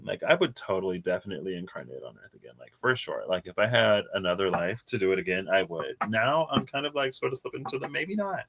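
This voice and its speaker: A man's voice: fairly low pitch, very animated, quick pace, few pauses, fairly bright tone. A man doing a casual live tarot reading, chatty and given to laughing and wandering off into asides. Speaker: tarot reader.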